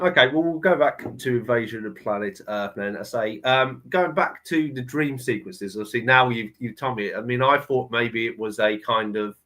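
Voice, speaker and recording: A male interviewer with a mid-range voice chats easily with his guest. His questions are loose and friendly, with fillers and small pauses between thoughts. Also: medium pitch. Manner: relaxed and curious, with light laughter and fillers. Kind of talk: casual interview chat.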